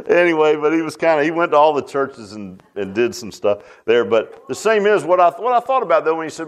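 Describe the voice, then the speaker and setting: A man's voice: a little high, animated, fairly quick. A man preaching a sermon as pastor, folksy and emphatic, with frequent "huh?" asides and storytelling.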